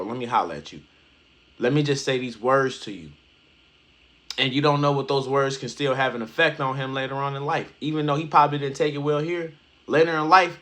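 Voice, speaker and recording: A man's voice: medium pitch, bright, forceful tone. A man hosting a reaction video, talking casually in street slang with emphatic stops and restarts.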